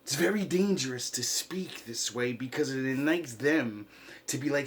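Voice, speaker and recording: Slow, impassioned man rambling to camera. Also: medium pitch. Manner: impassioned, swings from quiet to loud. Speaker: vlogger. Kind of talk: rambling monologue.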